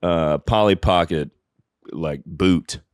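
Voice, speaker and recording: A man's voice: deep voice, slow pace, no echo, studio quality. A man co-hosting a casual comedy podcast, ranting profanely and breaking into mocking voices. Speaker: podcast co-host.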